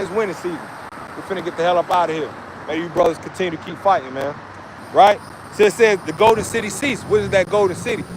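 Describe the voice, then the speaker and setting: A man preaching to a street audience in slang, with constant asides like "man" and "you see". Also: high voice. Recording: outdoor street noise.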